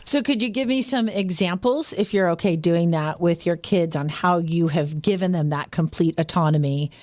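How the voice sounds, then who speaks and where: A woman's voice: fairly low pitch, moderate pace, a little mellow, no room sound, clean studio sound. A woman hosting an interview podcast, asking questions and giving brief affirming replies. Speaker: podcast host. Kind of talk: interview chat.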